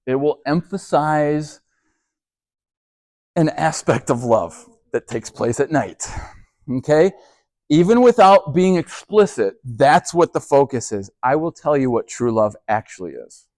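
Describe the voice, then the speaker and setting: A lively male youth pastor whose pitch jumps up and down as he teaches. He checks in with his listeners over and over and trips over his own restarts. The sound is close and dry. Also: a little slow, no room sound. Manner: conversational, keeps checking in with rhetorical "okay?"; restarts and repeats words often.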